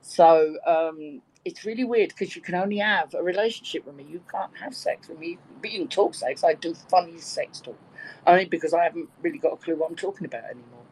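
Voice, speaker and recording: A woman's voice: lowish voice, fairly quick, darkish tone, breathy edge, low-quality recording. A woman in her sixties from Birkenhead with a London accent, telling bawdy stories and laughing often in a casual group chat. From Birkenhead, England. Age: 60s. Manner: bawdy, chatty storyteller who laughs often.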